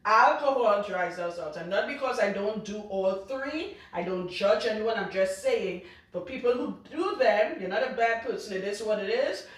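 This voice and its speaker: A woman with a Trinidadian accent, a loctician talking casually to camera, blunt and outspoken, cussing freely and laughing loudly. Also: mid-range voice, animated, normal speed, few pauses, recorded from a distance. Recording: very echoey room, off-mic.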